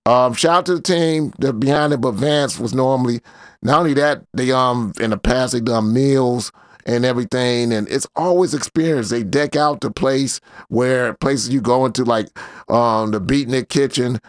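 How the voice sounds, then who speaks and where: A man's voice: mid-range voice, normal speed, no echo, studio quality. A man hosting a casual commentary show, talking in a loose slangy way with lots of fillers. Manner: laid-back slangy rambling, many fillers. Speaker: host.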